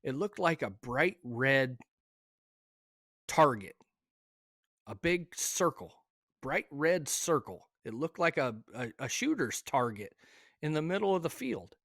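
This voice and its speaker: A man of middle pitch tells a personal story in a casual, halting way. He is emotional and often restarts mid-sentence. The sound is dry and close, with no room around it. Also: sing-song, gravelly, fairly bright tone, dry recording. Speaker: hunter telling his story.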